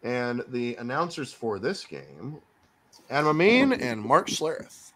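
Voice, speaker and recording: A man hosting a casual podcast, giving his football picks and swinging between loud remarks and muttered asides. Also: mid-range voice, very animated, measured pace. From Miami Dolphins fan. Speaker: podcast host. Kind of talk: casual sports picks chat.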